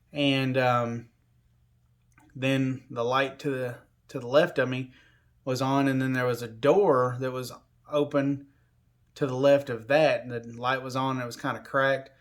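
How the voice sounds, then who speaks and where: Man rambling through a personal story. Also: mid-range voice. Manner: rambling, filler-heavy, conversational. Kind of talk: casual spoken storytelling.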